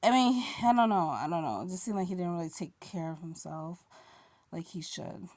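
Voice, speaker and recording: A woman's voice: lowish voice, expressive, normal speed, a little mellow, no room sound. A woman vlogger telling a casual story, rambling with many fillers and restarts and yawning now and then. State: yawning, a little sleepy.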